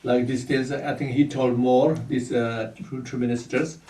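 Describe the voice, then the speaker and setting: A man whose first language is Tibetan, giving a Buddhist teaching in halting English and often stopping to search for words. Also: medium pitch, little pitch movement, mellow, reverberant, distant mic. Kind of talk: dharma teaching.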